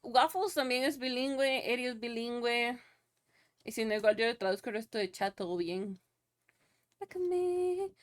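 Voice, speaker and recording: A woman's voice: a little high, brisk, smooth. A young woman streaming live, chatting loosely with her viewers, laughing often and swearing casually.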